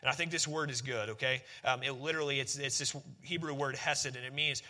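A man's voice: medium pitch, steady tone, a little fast, few pauses, sharp tone. A man preaching a sermon, conversational and emphatic, often repeating key phrases. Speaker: pastor.

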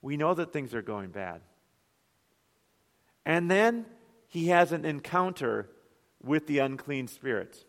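A man's voice: on the high side, very animated, takes it slowly, pauses often. A man, a pastor, preaching an earnest sermon full of rhetorical questions. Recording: long hall reverb.

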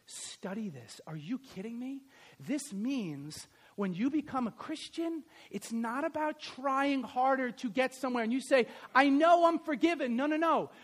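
A male pastor with a strikingly high voice delivers a sermon in a loose, conversational way. He climbs to loud, emphatic peaks, then drops to soft asides full of fillers and restarts. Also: animated, a little slow, slightly rough. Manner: conversational, with fillers and self-corrections.

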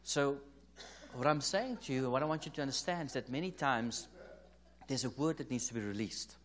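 A man's voice: mid-range voice, brisk, fairly bright tone. South African man preaching through a story. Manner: anecdotal, re-enacts dialogue, chuckles often. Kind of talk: conference sermon, storytelling. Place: church or conference hall.

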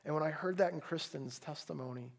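Male pastor, earnest pleading sermon delivery, slightly high, gravelly voice. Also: brisk. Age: adult, a parent. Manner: earnest, pleading, with repeated words and restarts. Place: church service.

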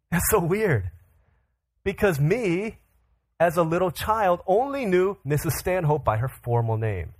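A man's voice: medium pitch, a little mellow. A man preaching to young people, telling playful stories with acted-out voices. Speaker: pastor. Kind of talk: sermon to a youth audience.

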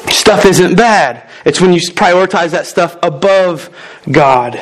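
A man in his thirties from the United States, preaching a lively sermon full of quick asides and jokes. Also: high voice, low-quality recording. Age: 30s. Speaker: pastor.

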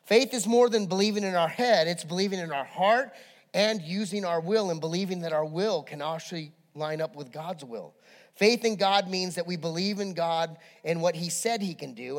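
Male pastor, high voice, lively sermon, animated storytelling. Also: moderate pace, in a large hall.

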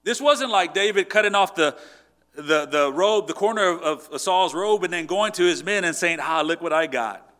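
A man's voice: sits high, normal speed, a bit bright. A man preaching a sermon in an earnest, conversational way, often restarting his sentences. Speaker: pastor.

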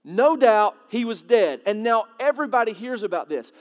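A man's voice: high voice, lively intonation, normal speed, big-room sound. A man preaching a sermon in a conversational way, asking the congregation questions and building to dramatic swells. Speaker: pastor.

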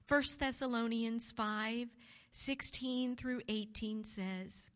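A woman's voice: on the high side, unhurried, a bit bright. A middle-aged woman preaching a sermon, telling a family story with heartfelt feeling. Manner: heartfelt storytelling, emotional and tearful at times. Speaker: pastor's wife preaching.

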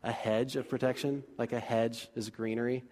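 A man's voice: medium pitch, moderate pace. Man preaching in a reverberant church. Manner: casual, joking, energetic preaching. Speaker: pastor. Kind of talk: sermon. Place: church sanctuary.

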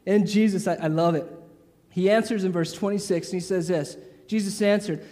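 A man preaching a sermon in a lively, casual way, acting out the voices of the people he talks about. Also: high-pitched, brisk, in a large hall. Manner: lively, acts out crowd voices, casual asides.

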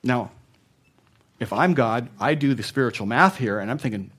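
Conversational male preacher, soft and loud by turns. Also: medium pitch, lively intonation, a little fast. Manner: conversational, chuckles at his own asides; shifts between loud emphasis and soft, hushed passages. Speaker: pastor. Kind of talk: sermon.

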